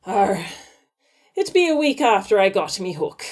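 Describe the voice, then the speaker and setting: A woman voicing a gruff old male pirate who growls his words. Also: medium pitch, very animated, measured pace, darkish tone. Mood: boastful. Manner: growling "arr" pirate talk.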